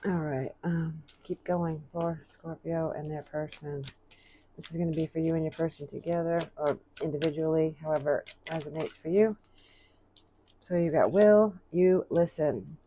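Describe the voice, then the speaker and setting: A low, mellow-voiced woman gives a relaxed tarot reading, musing aloud between cards. She reads each card's message slowly, with a faint hiss in the background. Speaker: tarot reader.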